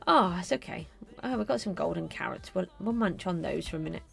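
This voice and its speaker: A middle-aged woman streamer chats casually with viewers while playing a game, offering live gameplay commentary. Her fairly low voice is expressive, brisk, creaky, and husky, with faint music in the background.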